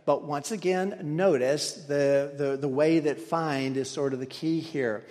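A man's voice: on the high side, steady tone, a little slow, a little mellow. A man preaching a sermon, explaining a passage with frequent restarts and stumbles. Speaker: pastor. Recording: long hall reverb.

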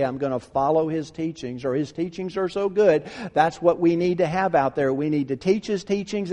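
A man's voice: on the high side, a little mellow, long reverb tail. A male pastor preaching a sermon with emphasis, repeating key phrases and firing off rhetorical questions.

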